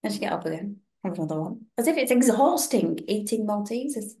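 A woman's voice: medium pitch, fairly quick. A young woman telling stories in casual chat on a podcast. She acts out the people she quotes. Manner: animated storytelling, acting out quoted voices. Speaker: podcast co-host.

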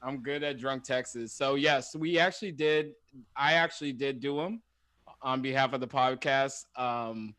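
A man's voice: mid-range voice, steady tone, measured pace, pushed and bright, clear, resonant tone, no echo, studio quality. A man co-hosting a podcast in casual chat, rambling and laughing with frequent restarts. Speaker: podcast co-host.

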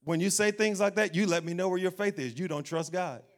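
A man preaches with lively energy, and his voice sits a little higher than most men's. He acts out the worried voices of doubters and laughs now and then. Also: fairly quick. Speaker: pastor. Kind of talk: sermon.

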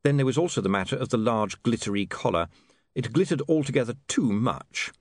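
A male narrator reads a comic fantasy audiobook in a dry, wry manner. His pitch moves with lively, animated contours. The recording is close and dead, with no room sound. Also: a little fast, dry recording. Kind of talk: scripted narration.

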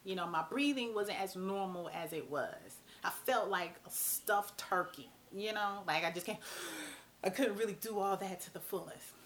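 A woman's voice: medium pitch, moderate pace, a little hiss or hum. A woman, talking casually and bluntly to camera as a vlog host. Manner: animated, chatty, blunt, mild cursing.

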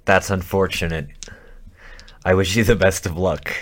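A man with a fairly low voice runs a tabletop game for his friends. He narrates casually, stopping and restarting mid-sentence as he builds the scene. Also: steady tone, moderate pace. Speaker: game master.

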